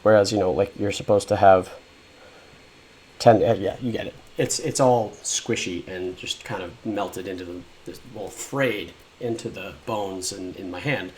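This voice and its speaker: A man's voice: low-pitched, a little slow, darkish tone, a little hiss or hum. Young guy talking through his life story, rambly, swears a lot, acts out the quotes. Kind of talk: casual personal storytelling.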